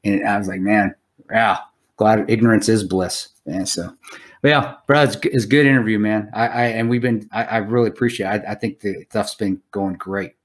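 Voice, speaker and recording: Rambling, profane low-voiced man. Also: steady tone, normal speed. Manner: rambling, profane, restarts a lot. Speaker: podcast co-host. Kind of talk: casual chat.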